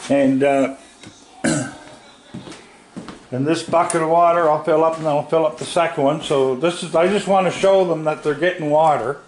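An older man, chatting casually outdoors at his house, plainspoken, coaxing the animals gently as he talks. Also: fairly high pitch, steady tone, moderate pace, pauses often, background noise. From Nova Scotia, Canada. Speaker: wildlife vlogger. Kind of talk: casual talk while feeding raccoons.

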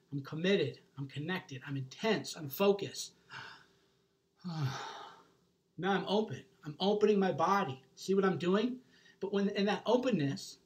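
A man's voice: sits high, fairly bright tone. A man giving an intense, emphatic motivational monologue to camera, swearing freely and checking in with his listener again and again. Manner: intense, emphatic, profane, keeps checking in with "right?". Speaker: self-help author.

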